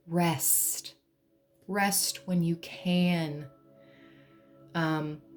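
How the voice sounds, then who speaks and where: A woman giving a pick-a-card tarot reading in a playful, joking way, now and then bursting into song. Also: lowish voice. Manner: playful, laughs to lighten things, breaks into humming and song. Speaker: tarot reader.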